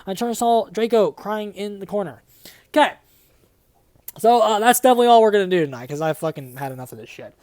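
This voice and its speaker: Young woman reading a dumb fanfic out loud, fed up and swearing, dry close mic. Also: mid-range voice, lively intonation, fast talker, dry recording. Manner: exasperated, swearing, laughing asides. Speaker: host reading and reviewing a fanfic. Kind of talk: comedic dramatic reading with commentary.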